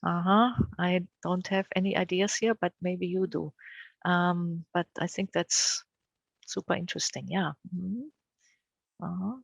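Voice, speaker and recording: An older woman speaks in a low, gravelly voice during an academic Q&A. She is encouraging and pauses often with fillers. The sound is dry and close, with no room echo. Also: steady tone. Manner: warm, encouraging, many fillers. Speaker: invited speaker answering questions.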